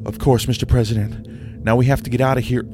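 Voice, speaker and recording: A man's voice: medium pitch, level tone, a little fast, over music, voice pushed up, close to an everyday voice. A man voicing a stammering young woman agent. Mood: urgent. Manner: stammering, hesitant. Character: young woman FBI agent, nervous and dutiful.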